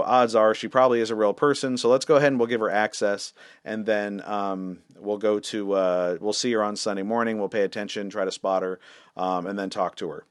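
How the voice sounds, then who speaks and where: A man's voice: lowish voice, clean tone, no room sound, clean studio sound. A man, a senior pastor, telling a story in a casual, wry, self-deprecating way with lots of fillers.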